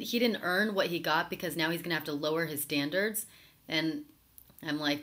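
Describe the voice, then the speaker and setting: A woman's voice: sits low, fairly even intonation, normal speed, fairly bright tone. A woman hosting a live show, reading viewer comments aloud and answering them in a sarcastic, chatty way. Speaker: talk show host reading live chat. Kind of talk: casual live-stream commentary.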